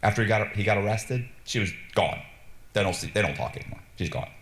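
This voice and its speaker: A man streaming a casual story, animated and blunt, swearing freely and acting out the dialogue. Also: lowish voice, quick pace, roomy sound, slight background noise. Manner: animated, acts out quoted dialogue, frequent restarts. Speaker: streamer telling stories.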